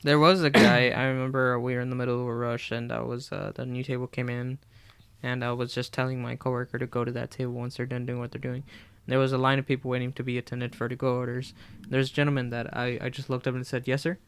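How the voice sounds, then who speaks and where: A man's voice: medium pitch, level tone, fast talker, a bit bright, clear, resonant tone. A man co-hosting a podcast in casual chat, telling a work story steadily and giving short agreeing replies. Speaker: podcast co-host.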